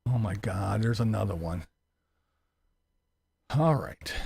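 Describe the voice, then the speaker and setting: Gravelly, husky, and a little mellow, this man's lowish voice moves slowly yet animatedly as he hosts a livestream commentary show. He mocks and rants sarcastically, cursing freely and laughing a lot.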